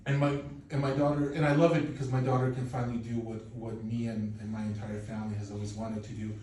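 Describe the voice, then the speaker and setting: A man in his thirties, originally from Poland, doing a stand-up set with animated, profane, self-mocking storytelling. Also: mid-range voice, quick pace. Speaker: stand-up comedian. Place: comedy club. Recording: echoey club, distant mic, faint noise.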